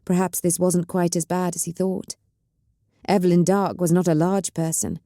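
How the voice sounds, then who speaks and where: A woman telling a science fiction audiobook as calm, measured bedtime story narration. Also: on the low side, no echo, studio quality.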